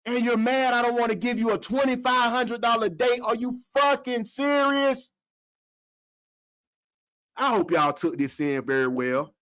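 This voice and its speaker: A smug relationship-guru type, as a man puts him on, lecturing women in a calm, superior drawl. it comes out lower and quieter than the man's own high voice, slow and measured, with only now and then a sudden jump upward. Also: exaggerated voice, rough recording. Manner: calm, condescending, mock-serious lecturing. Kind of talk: comedic impression.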